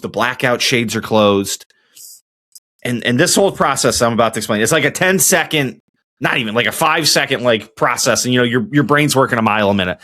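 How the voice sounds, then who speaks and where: Rambling man with a lively voice. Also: medium pitch. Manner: rambling with many restarts. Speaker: podcast host. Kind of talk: casual storytelling.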